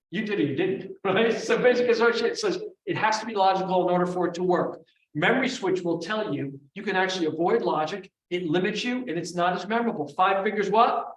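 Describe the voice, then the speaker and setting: A man with a high, lively voice runs a memory seminar, firing questions at his audience and waiting for them to answer back. He sounds far from the mic in an echoey room. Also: quick pace. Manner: energetic, call-and-response with the audience. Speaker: memory trainer. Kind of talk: live seminar teaching. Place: large room before a live audience.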